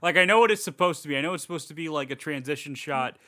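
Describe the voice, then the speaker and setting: A man's voice: a little high, racing. A man co-hosting a podcast, chatting casually about a horror movie, swearing freely and acting out scenes in voices. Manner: animated, swearing, acts out scenes in funny voices. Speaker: podcast co-host. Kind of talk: casual movie review chat.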